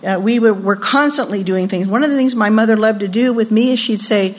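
An older woman from California giving a sermon-style talk at a women's retreat, telling lively personal stories and acting out the voices she quotes. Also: mid-range voice, brisk, hardly any pauses, slight background noise. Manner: animated storyteller, acts out quoted voices, laughs often.

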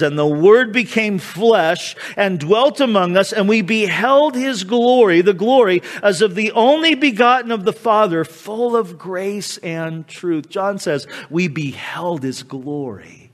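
Male pastor, high-pitched, dramatic sermon delivery with sharp dynamic shifts. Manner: dramatic, acting out quoted speech with sudden drops and swells.

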